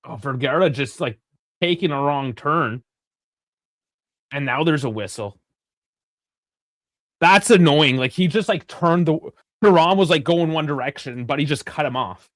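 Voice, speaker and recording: A young man hosting a live football watch-along, chatty and rambling, swearing freely and bursting into shouts at big chances. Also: fairly high pitch, animated, measured pace, long pauses, dry recording, studio quality. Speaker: live stream host.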